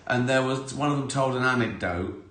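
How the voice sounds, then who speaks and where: A man's voice: mid-range voice, moderate pace, a bit bright, a little hiss or hum. A man hosting a live stream, rambling through self-mocking anecdotes with the odd swear. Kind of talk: casual anecdotal chat. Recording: roomy echo.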